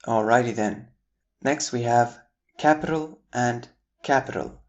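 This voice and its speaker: An American man narrates an English vocabulary lesson at a middle pitch. He is clear and deliberate, spelling words out letter by letter, and he brightens as he brings in each new word pair. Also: dull audio. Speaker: English teacher.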